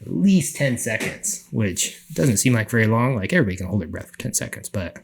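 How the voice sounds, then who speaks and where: A middle-aged man telling a story on a podcast, animated, acting out the people he quotes. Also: lowish voice, fairly quick, vocal fry, slight background noise. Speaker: podcast guest. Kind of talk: casual storytelling.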